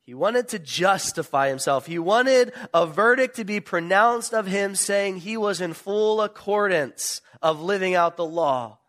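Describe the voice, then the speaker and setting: A male pastor preaching a sermon, retelling a parable with animated storytelling and emphatic questions. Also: high voice, unhurried, hardly any pauses.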